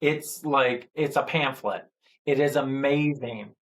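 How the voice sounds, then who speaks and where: A man's voice: medium pitch, fairly bright tone, poor audio. A man hosting a casual interview podcast, answering with brief backchannels and recommending a book. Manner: slow, easygoing, brief backchannels. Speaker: podcast host.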